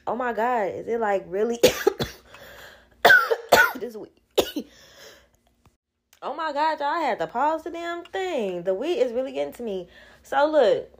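A woman's voice: a little high, lively intonation, a little slow, pauses often, darkish tone, a little hiss or hum. A woman, hosting her own podcast in a blunt, candid casual monologue, laughing often and swearing freely. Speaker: podcast host.

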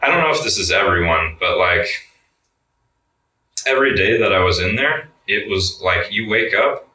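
A young male guest tells a story in a laid-back interview, swearing a lot and saying "like" constantly. His fairly low voice is animated, bright and forceful at normal speed, and the mic sits back, giving a roomy sound.

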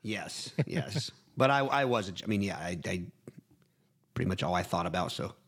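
Lively, self-deprecating man chatting. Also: low-pitched, moderate pace, creaky, husky. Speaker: podcast co-host. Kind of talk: casual chat.

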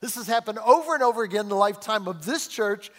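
A middle-aged male pastor preaching a sermon in a church in a chatty way, chuckling often and slowing down to stress key words. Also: high voice, expressive, fairly bright tone. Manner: conversational preaching, chuckles often, slows and rises for emphasis. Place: church sanctuary. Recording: long hall reverb.

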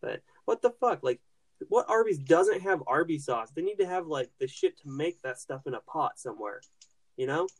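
A young podcast host tells a rambling story packed with swearing, restarts and filler words. His voice sits on the high side, with lively intonation and a moderate pace, in a casual, profane storytelling style.

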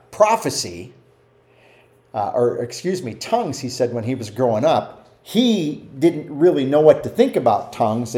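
A man's voice: medium pitch, warm tone. A man teaching a conversational Bible study, often asking his listeners questions and acting out quotes. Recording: roomy echo.

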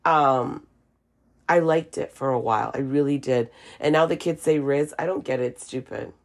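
A woman's voice: rumbling low, normal speed, gravelly. A woman with a cough doing a casual, blunt, opinionated monologue at home, swearing freely. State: has a cough. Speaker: vlogger.

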